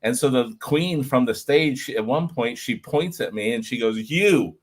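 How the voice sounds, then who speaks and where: A man's voice: medium pitch, moderate pace, breathy edge. Man telling a story with lots of "like". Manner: energetic, filler-heavy, lots of "like". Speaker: former reality show contestant. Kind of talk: animated storytelling to a group.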